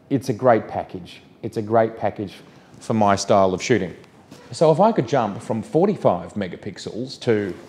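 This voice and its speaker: A photographer talks straight to his viewers in a relaxed camera vlog. His voice sits a little low, warm and mellow. He sounds keen and keeps tossing questions back at the audience. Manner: enthusiastic, asks the viewer rhetorical questions. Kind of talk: casual camera review vlog.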